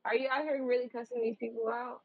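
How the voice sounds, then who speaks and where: A woman's voice: fairly high pitch, fairly even intonation, fast, vocal fry, husky, no echo. A woman co-hosting a podcast in casual chat, teasing her co-host and cutting in with short reactions. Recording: dull, dry lo-fi mic sound.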